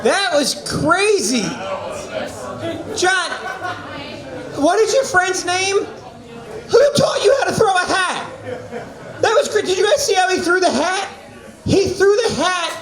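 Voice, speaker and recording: A man hosting a comedy open mic, shouting excited, teasing remarks between acts. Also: very high voice, slow, long pauses, reverberant, a crowd in the background. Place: small comedy venue.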